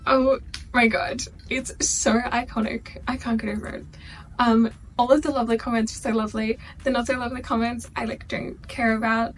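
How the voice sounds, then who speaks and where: A woman's voice: on the high side, little pitch movement, moderate pace, faint music behind. A young adult woman with an Australian accent, gushing in casual vlog chat and peppering her talk with "like". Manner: gushing, chatty, heavy use of "like". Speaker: vlogger.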